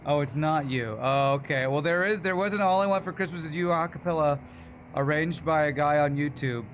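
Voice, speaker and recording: A man's voice: a little high, brisk, fairly bright tone, slight background noise. A man streaming a video game, chatting casually and rambling between the plays and chat messages. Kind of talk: casual gameplay commentary.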